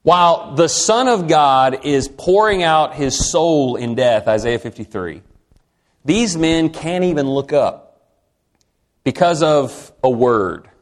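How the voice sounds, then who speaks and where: A man preaching a sermon to a congregation in a conversational way, asking them questions and swinging from quiet, slow lines to emphatic ones. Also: a little high, expressive.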